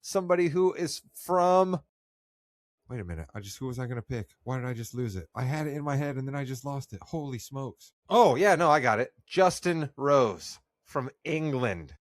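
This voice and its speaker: Guy hosting a sports podcast, mid pitch, dry close sound, upbeat and chatty. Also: animated, moderate pace, no echo. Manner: upbeat, loses his train of thought. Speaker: podcast host. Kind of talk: casual sports chat.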